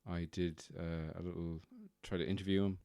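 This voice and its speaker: Wry low-voiced podcast host. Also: male voice, level tone, normal speed, warm tone, smooth, no echo, studio quality. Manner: wry, self-deprecating, rambling. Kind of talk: casual comic monologue.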